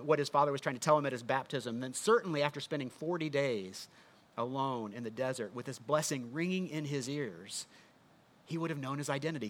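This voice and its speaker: A man's voice: a little high, a bit bright. A man preaching a sermon in a conversational teaching manner, often asking the listeners rhetorical questions. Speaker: pastor.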